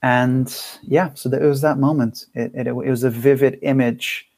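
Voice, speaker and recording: Gravelly-voiced man reflecting candidly. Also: medium pitch, fairly even intonation, a little mellow, no echo. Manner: thoughtful, candid, speaks in halting phrases with frequent restarts. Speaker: podcast guest. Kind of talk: reflective conversational interview.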